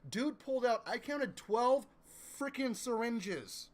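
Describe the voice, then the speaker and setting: A man co-hosting a live-streamed chat show, telling a story as a profane, animated rant. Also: very high-pitched, slow. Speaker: podcast co-host.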